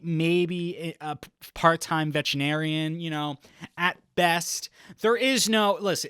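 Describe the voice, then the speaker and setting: A young man hosting a comedy podcast alone, riffing in a rambling, deadpan way and laughing at his own lines. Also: fairly high pitch, smooth, no room sound, clean studio sound. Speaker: podcast host. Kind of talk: comedic solo podcast monologue.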